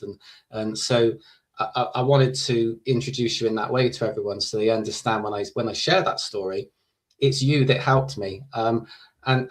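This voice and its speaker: A man's voice: mid-range voice, low-quality recording. A man hosting an interview podcast, speaking earnestly and often repeating his words. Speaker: podcast host. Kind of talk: casual interview chat.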